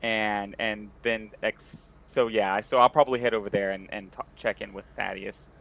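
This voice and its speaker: Player, man, lowish and bright voice, casual and hesitant. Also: fairly even intonation, moderate pace, gravelly, low-quality recording. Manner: hesitant, with restarts and fillers. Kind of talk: casual tabletop role-play.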